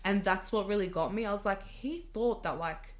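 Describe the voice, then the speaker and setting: An Australian woman, a podcast guest, telling a story in casual chat, animated and full of "like" fillers. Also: medium pitch, normal speed, slight background noise. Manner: animated, many "like" fillers, laughs often.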